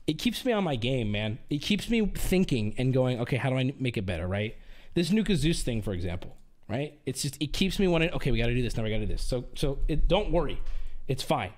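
A young man talking to his stream in a casual, rambling way. When riled he rants and swears, his pitch swinging widely. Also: big pitch swings, fast, darkish tone. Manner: heated ranting with swearing. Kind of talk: casual livestream chat.

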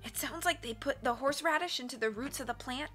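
A woman's voice: sits high, quick pace, a bit bright, faint music behind, pitched above the performer's own voice. A woman voicing a frightened teenage girl, sick with poison, who speaks in a feeble wheeze. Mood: weak, frantic.

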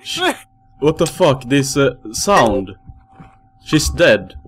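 A man's voice: medium pitch, sing-song, slow pace, a little hiss or hum. A man commentating a horror game playthrough, panicky and given to yelping and repeating himself.

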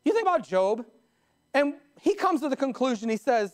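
A man's voice: very high-pitched, sing-song, moderate pace. A pastor preaching a live sermon in his church, who often asks the congregation questions and tells stories to make his points.

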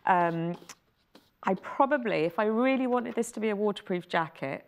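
A woman's voice: medium pitch, expressive, moderate pace. A woman from Wales with a Welsh accent, presenting a sewing demonstration on a shopping channel and explaining each step in a chatty way.

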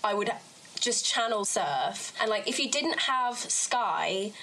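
A woman's voice: medium pitch, animated, slow, pushed and bright, poor audio. A woman in her twenties from South Africa, guesting on a podcast, giggly and chatty. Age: 20s. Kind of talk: casual chat.

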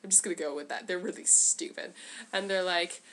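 A woman's voice: fairly low pitch, a little fast, a bit bright. A young woman vlogger ranting about a movie in casual, rambling, sarcastic chat into a camera mic.

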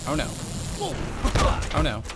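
A man giving casual, excitable running commentary while playing a game, often yelping and exclaiming. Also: slow, heavy background noise. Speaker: gaming YouTuber.

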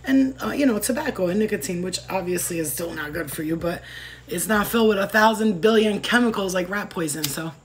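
A woman's voice: fairly low pitch, lively intonation, fast talker, a little hiss or hum. Brash woman tarot reader, profane and rambling, off on tangents. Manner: goes off on tangents. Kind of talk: casual tarot reading.

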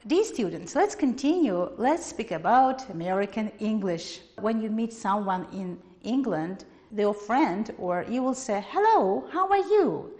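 A woman teacher with an Azerbaijani accent, giving a lesson in English in a lively, emphatic way and repeating words for her students. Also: medium pitch, measured pace, few pauses. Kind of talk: televised classroom lesson. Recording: long hall reverb.

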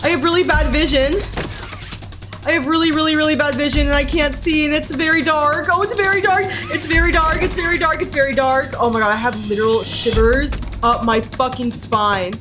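A woman's voice: sits high, steady tone, fairly quick. A young woman streaming a horror game, panicky, repeating herself and swearing a lot. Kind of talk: live game commentary. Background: game music.

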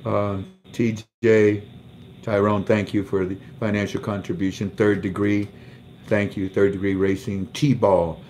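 A man with a low voice tells a personal story on his livestream, often going back over the same words. There is faint noise in the background. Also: little pitch movement, unhurried, a little mellow. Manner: emotional storytelling, repeats words. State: under treatment for cancer. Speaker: livestream host. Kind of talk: casual livestream talk.

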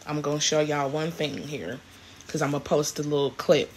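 A woman in her 40s chats casually to the camera for her vlog, sounding grateful and rambling, with many restarts. Her voice is low and darkish, with fairly even intonation and a moderate pace, over slight background noise.

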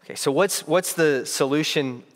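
Earnest young preacher in a reverberant hall. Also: male voice, fairly high pitch, normal speed. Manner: earnest, reflective, with frequent restarts. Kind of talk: sermon. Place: church sanctuary. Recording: long reverb of a church hall.

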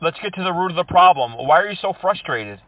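A man's voice: sits high, expressive, fast talker, no room sound, distant mic. A man making a prank phone call, taunting the person on the other end with fake sympathy and sarcasm. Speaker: scam-baiting prank caller. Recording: tinny phone line.

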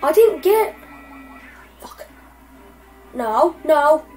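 A young woman giving casual, excitable commentary over gameplay and swearing constantly at her opponents. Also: high-pitched, drawn-out words, rough recording. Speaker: gamer. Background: faint game music.

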